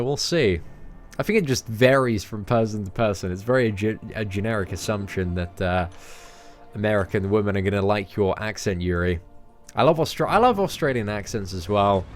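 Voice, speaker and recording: A young English man streaming a mobile game, chatting casually and answering viewers' questions. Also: on the low side. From England. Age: young adult. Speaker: game streamer reading chat. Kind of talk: casual livestream chat.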